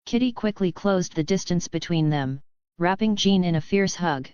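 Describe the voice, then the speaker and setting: A woman narrates an audiobook in a smooth, fairly low voice. She reads evenly and measured. The recording is dry and dull. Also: a little mellow, no echo. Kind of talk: scripted narration.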